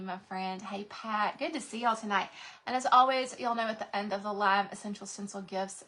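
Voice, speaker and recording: A woman with a Texas accent hosts a casual craft livestream from her craft room, chatting with viewers and greeting them by name. Her voice is a little high and a bit bright.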